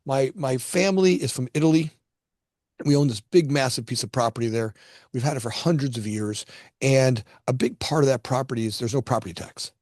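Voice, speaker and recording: Guesting on a show, this construction company founder from Florida is middle-aged and speaks fairly quickly in a slightly mellow, medium-pitched voice. He shares personal stories casually, tending to repeat words when starting a thought; the studio-quality audio has no echo.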